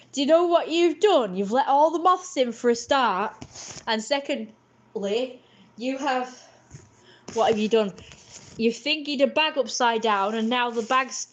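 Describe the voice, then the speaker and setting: A woman voicing a posh, abusive husband who yells insults and threats. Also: fairly high pitch, slight background noise, voice pushed up, natural voice.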